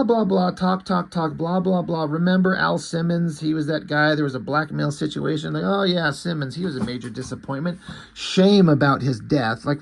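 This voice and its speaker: A man's voice: a little high, a little mellow. Rambling, foul-mouthed comic reviewer man. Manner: rambling, profane, opinionated. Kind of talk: casual chat.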